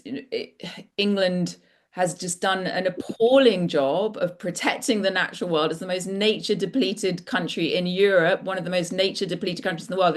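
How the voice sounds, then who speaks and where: A middle-aged woman author talking casually and enthusiastically at an online book launch, rambling with frequent restarts over a video call. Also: lowish voice.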